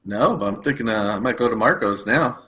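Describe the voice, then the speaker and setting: A man co-hosting a casual tech webcast over a video call, upbeat and quick to laugh. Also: lowish voice, expressive, pushed and bright.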